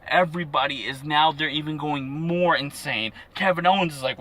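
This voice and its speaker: Young male recapper, bright forceful voice, excitable and jokey, lots of fillers. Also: on the high side, moderate pace, few pauses. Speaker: wrestling show reviewer. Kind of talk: casual recap.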